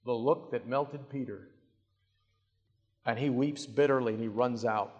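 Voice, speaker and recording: A male preacher delivering a sermon, telling the story dramatically and swinging between hushed and loud passages. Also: medium pitch, a little slow, muffled recording. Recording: long hall reverb.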